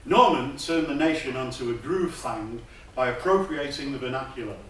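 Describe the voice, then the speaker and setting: A man's voice: mid-range voice, moderate pace, far from the mic, slight background noise. Playful man giving a keynote in an echoey hall. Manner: lively, playful, uses hip slang. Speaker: keynote speaker. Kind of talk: lecture.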